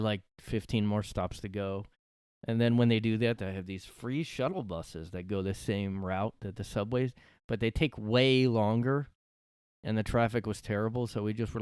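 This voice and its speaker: A man's voice: lowish voice, fairly even intonation, normal speed, a little mellow, smooth, dry recording, clean studio sound. A young man hosting a casual solo podcast from his room, rambling sarcastically and swearing often. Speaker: podcast host.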